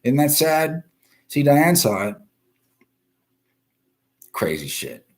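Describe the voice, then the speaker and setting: Speaking slowly with a fairly high pitch and big pitch swings, this East Coast American man hosts a news livestream. He rants bluntly and profanely and greets viewers from the comments.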